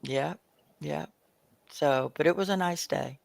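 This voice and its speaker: A woman co-hosting a live-stream auction over a video call, relaxed and easygoing. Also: deep voice, slow, vocal fry, no echo.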